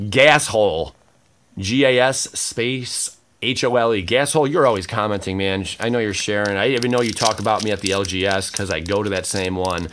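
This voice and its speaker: An excitable man hosting a card-opening video, exclaiming often and swinging between loud outbursts and low mutters. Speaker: card-opening channel host. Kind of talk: excited unboxing vlog.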